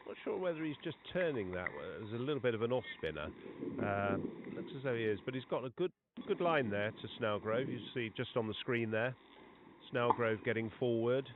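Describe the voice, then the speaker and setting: A man's voice: medium pitch, brisk. A man giving chatty live commentary on a cricket match. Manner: conversational, chatty between balls, rising excitement on big shots. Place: outdoor cricket ground. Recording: tinny phone-like line with clear background noise.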